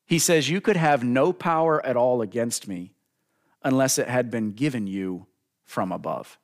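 A man preaching a sermon, building to emphatic lines and drawing out key words slowly, speaking directly to the congregation. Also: medium pitch. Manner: preaching with rising emphasis and slow drawn-out stresses; addresses the congregation directly as folks. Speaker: pastor.

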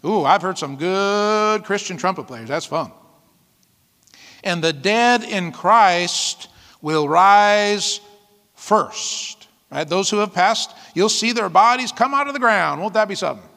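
A man's voice: high voice, animated, slow pace, creaky, sharp tone, big-room sound. A man preaching a sermon as pastor, reading scripture aloud and breaking into whoops and laughter. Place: church.

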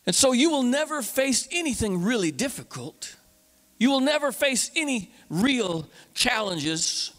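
A male pastor preaches with a notably high voice, driving his points home through repetition and call-and-response. The sound carries a long, lingering reverb, as if captured in a large hall. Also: big pitch swings, unhurried, a bit bright. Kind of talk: sermon.

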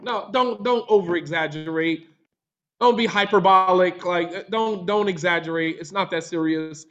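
A man's voice: high voice, moderate pace, a bit bright, lo-fi sound. A man teaching a religious class, reciting Arabic verses, translating them and asking his listeners rhetorical questions.

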